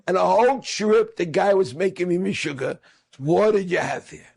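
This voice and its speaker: Man, middle-aged, storytelling, husky, animated, acts out quoted speakers. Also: sits high, normal speed. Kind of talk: storytelling talk.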